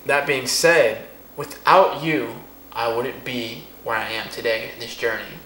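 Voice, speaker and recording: Soft-spoken young man in an echoey room. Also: medium pitch, steady tone, a little slow, slight background noise. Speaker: vlogger, boyfriend. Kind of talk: casual vlog chat. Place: home room at Christmas.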